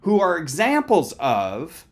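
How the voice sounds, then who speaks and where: A man's voice: fairly high pitch, huge pitch swings, slow. A middle-aged man giving an earnest, conversational motivational lecture on recovery, often checking in with listeners. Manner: earnest, conversational, addresses listeners directly with "right?".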